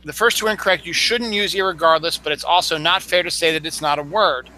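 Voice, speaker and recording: A man with a high, very bright voice explains word usage in a chatty way. He talks casually, like a co-host trading notes. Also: fast talker, low-quality recording. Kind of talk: casual pronunciation chat.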